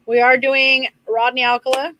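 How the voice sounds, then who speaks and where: A woman co-hosting a casual live-streamed podcast, briskly giving schedules and plugs. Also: high-pitched, flat delivery, background noise. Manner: brisk, gives announcements and plugs. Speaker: podcast co-host.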